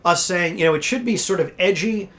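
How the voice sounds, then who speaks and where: A man co-hosting a casual podcast, bantering quickly and reading sponsor ads. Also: high-pitched, a bit bright. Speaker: podcast co-host.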